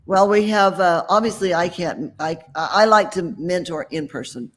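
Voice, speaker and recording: A man who writes books and mentors people speaks as an interview guest, sounding chatty and self-assured as he rambles a little and restarts sentences. His voice is high-pitched and his speed normal.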